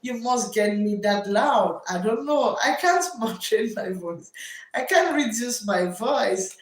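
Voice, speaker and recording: A woman teacher hosts a live stream and reads viewer comments aloud. She talks slowly in a loud classroom voice, pitched a little high, and repeats her questions over and over. The room around her is echoey. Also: lively intonation.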